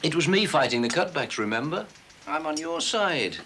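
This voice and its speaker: Gravelly, diplomatic manager, lively pitch; TV drama sound. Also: male voice. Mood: measured. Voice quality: measured, diplomatic. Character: careful, placating middle-aged male manager. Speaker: transport manager. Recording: TV drama with faint background noise.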